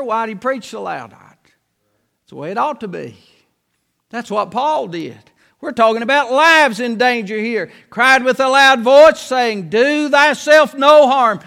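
High, bright-voiced preacher. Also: male voice. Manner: preaching with emphatic, drawn-out phrases and folksy asides. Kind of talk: sermon. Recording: long hall reverb.

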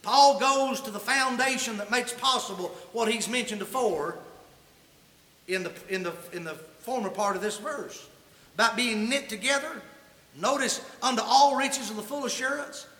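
Bright high-voiced folksy preacher man. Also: moderate pace. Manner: folksy, humorous, colloquial storyteller. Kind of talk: sermon with folksy personal storytelling. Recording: echoey hall reverb.

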